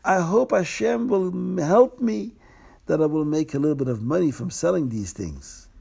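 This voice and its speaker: A man voicing a poor, cheerful, hard-working butcher who speaks hopefully, with a gravelly voice. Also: fairly high pitch, lively intonation, moderate pace, mellow, voice pushed up, exaggerated voice.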